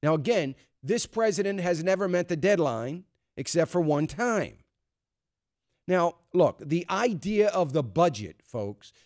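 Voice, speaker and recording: A man's voice: a little high, a little mellow, dry recording. Male talk radio host, dry studio sound. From United States. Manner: conversational, emphatic, with frequent fillers and restarts.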